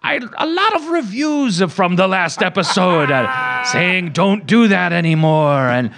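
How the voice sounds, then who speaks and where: A man's voice: high-pitched, expressive, unhurried, gravelly, noisy background, pitched above the performer's own voice, exaggerated voice. A man putting on the voice of a chirpy Norwegian true-crime podcast host with a sing-song, overly formal manner.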